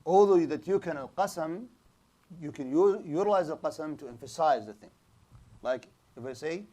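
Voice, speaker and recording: A man's voice: on the high side, moderate pace, mellow. A man teaching an Islamic studies class, explaining in English mixed with Arabic terms and often repeating and restarting words as he answers students. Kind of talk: classroom lecture with student questions.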